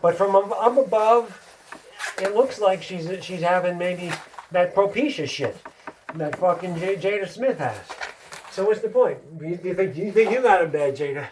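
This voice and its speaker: A man's voice: high voice, animated, normal speed, a little mellow, a little hiss or hum. A man in a rambling solo monologue, profane, who keeps stopping to ask himself why.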